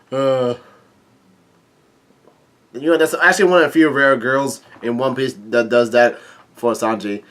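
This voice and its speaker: A man reads a comic chapter aloud in a plain, mid-pitched voice. He stumbles and restarts often and fills gaps with "uh" and "um". He tosses in his own casual remarks between the lines he reads. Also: fairly bright tone. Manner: halting, many fillers and restarts; reads dialogue aloud with light commentary. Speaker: manga chapter reader. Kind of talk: casual manga read-through.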